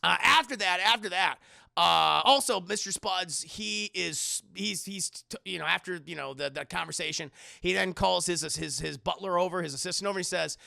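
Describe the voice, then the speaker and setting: Young guy streamer, high gravelly voice, swears a lot, dry close mic. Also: normal speed, no echo. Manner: profane, animated, repetitive. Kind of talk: live-stream episode recap.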